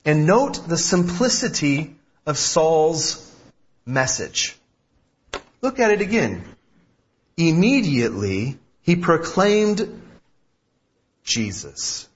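A man's voice: fairly high pitch, very animated, slow, pauses often, muffled recording. A man preaching a sermon as pastor, talking in a conversational way, repeating key phrases and restarting sentences.

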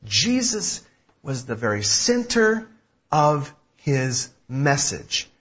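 A man's voice: mid-range voice, big pitch swings, slow pace, a bit bright, muffled recording. A man preaching a sermon as pastor, talking in a conversational way, repeating key phrases and restarting sentences.

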